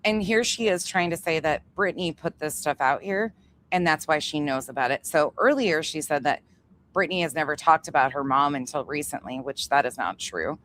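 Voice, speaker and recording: Blunt, swearing woman with a low voice. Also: normal speed, fairly bright tone, a little hiss or hum. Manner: blunt, profane, heated. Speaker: commentary channel host. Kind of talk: livestream commentary.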